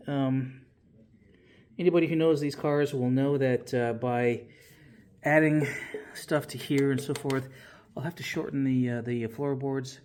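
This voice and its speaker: A man talks through his restoration project in a loose, rambling way, filling pauses with ums and letting the odd curse slip. His voice sits at an ordinary middle pitch, and he sounds slightly winded after an illness. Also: a little mellow. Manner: rambling, frequent fillers, casual swearing. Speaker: car restoration vlogger. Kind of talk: casual workshop walkthrough.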